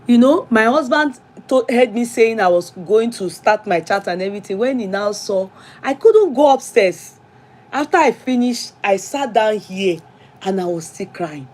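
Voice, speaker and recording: Chatty middle-aged Nigerian woman hosting live. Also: medium pitch. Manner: chatty, greets commenters by name, slips into pidgin. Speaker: livestream host. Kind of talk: casual live chat.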